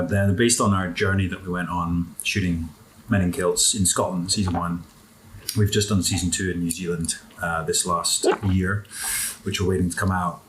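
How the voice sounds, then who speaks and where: A man in a relaxed interview, chatting enthusiastically about food and drink while eating. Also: low voice, a little hiss or hum, low-quality recording. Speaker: interview guest. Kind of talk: casual interview chat.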